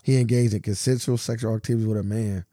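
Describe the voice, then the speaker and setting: A man's voice: on the low side, steady tone, fast talker, dark tone, dry recording, clean studio sound. A man co-hosting a podcast in casual chat, arguing his point insistently and often laughing. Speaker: podcast co-host. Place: podcast studio.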